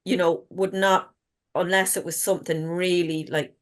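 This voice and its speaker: A woman's voice: fairly low pitch, little pitch movement, moderate pace, a loud crowd. A middle-aged woman, a guest author telling stories frankly in casual chat and swearing freely. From Ireland.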